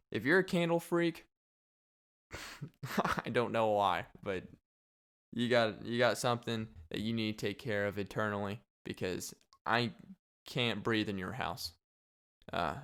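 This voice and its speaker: A man's voice: on the low side, fairly bright tone, smooth. A young man hosting a casual solo podcast, rambling and joking with frequent laughs. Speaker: podcast host.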